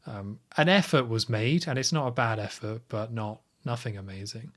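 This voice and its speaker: Male podcast co-host, wry film recapper, mid-pitched, chatty and amused. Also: moderate pace. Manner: wry, animated recapping with quoted lines. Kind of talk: casual film review chat.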